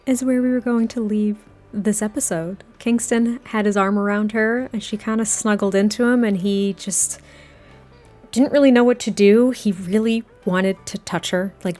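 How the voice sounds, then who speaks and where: A woman casually narrating a life-sim game story, chatting to her viewers with lots of fillers. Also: mid-range voice. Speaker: Sims story let's-player.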